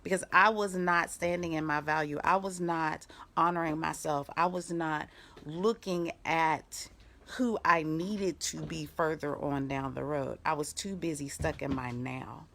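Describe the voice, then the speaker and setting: A middle-aged woman life coach giving an animated, storytelling motivational talk on a live video. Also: sits low, vocal fry, slight background noise. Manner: animated storytelling with quick bursts of laughter; breaks off to give firm commands.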